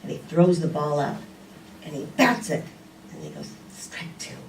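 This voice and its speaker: A woman's voice: deep voice, wildly swooping pitch, moderate pace, a little hiss or hum. An older woman giving a conversational sermon with many "you know"s. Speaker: speaker. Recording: roomy, distant with faint background ambience.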